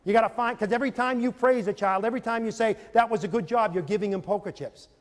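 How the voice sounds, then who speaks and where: A man giving a motivational talk to parents and teachers, telling animated stories and acting out scenes. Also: high voice, fast talker. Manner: animated storytelling, acts out scenes. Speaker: speaker. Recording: long hall reverb.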